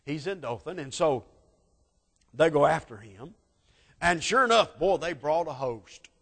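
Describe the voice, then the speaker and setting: A man preaching a sermon, telling a Bible story dramatically and swinging from loud peaks to hushed asides. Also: on the high side, expressive, unhurried, slightly rough. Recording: long hall reverb.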